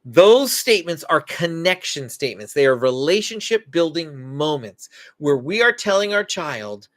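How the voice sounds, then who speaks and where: A man's voice: a little high, normal speed, few pauses. A man hosting a live stream as a Christian parenting coach, teaching earnestly and acting out what parents and children say. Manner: animated, acts out quoted parent and child lines; earnest, instructive.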